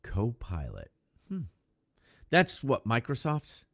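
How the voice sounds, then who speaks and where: A man's voice: medium pitch, wildly swooping pitch, slow, creaky, a bit bright, dry recording, clean studio sound. A man co-hosting a casual podcast who talks loosely and swears, with plenty of fillers, and thanks viewers as he goes. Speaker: podcast co-host. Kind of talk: casual chat on a livestreamed podcast.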